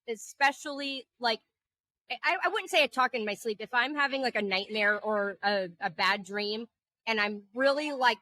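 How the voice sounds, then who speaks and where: A woman co-host in casual chat, her voice bright and fairly high, dry with no room sound. She is jet-lagged and tells stories in a lively, profane way. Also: no room sound. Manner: chatty storyteller, animated and profane. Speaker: podcast co-host. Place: indoors at a table.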